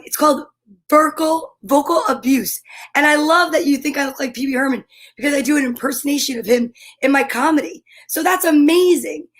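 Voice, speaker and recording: Middle-aged woman, scratchy rasp, high-pitched, bubbly live-stream host chatting casually. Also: fairly bright tone. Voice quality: scratchy, raspy voice.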